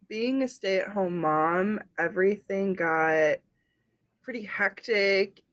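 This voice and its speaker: A young woman with a cold and slightly congested, a streamer guest chatting casually and quickly. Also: fairly low pitch, fairly bright tone, muffled recording. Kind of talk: casual interview chat.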